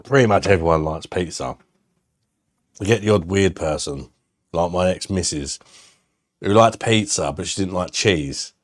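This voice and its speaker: A man's voice: deep voice, moderate pace, pauses often, dry recording, studio quality. A man, chatting casually on a live stream, blunt and sweary, laughing often and reading out chat messages. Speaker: beer reviewer hosting a live stream.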